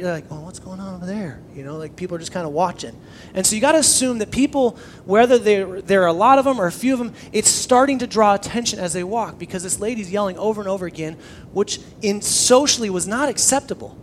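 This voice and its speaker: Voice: medium pitch, a little hiss or hum. A preacher giving a casual sermon in a conversational way, acting out the people in the story along the way.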